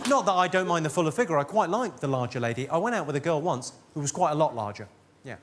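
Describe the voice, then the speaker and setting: A man doing stand-up comedy, delivering deadpan one-liners and bantering with the crowd in a large theatre. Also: fairly high pitch, rapid-fire, very noisy. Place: large theatre with live audience. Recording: loud audience laughter behind.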